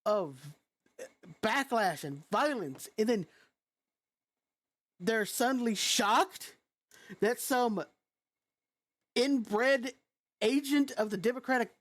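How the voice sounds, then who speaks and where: A woman's voice: a little high, animated, slow, long pauses. A woman vlogger with a youthful-sounding voice, ranting in a frustrated, blunt and profane way. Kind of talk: angry reaction rant.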